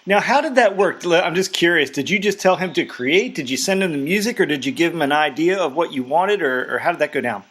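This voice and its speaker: A man with a Baltimore accent hosts a rock radio show, talking quickly and chattily. His voice sits fairly high for a man, and he keeps the questions moving with upbeat energy. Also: expressive, fairly bright tone. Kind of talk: radio interview.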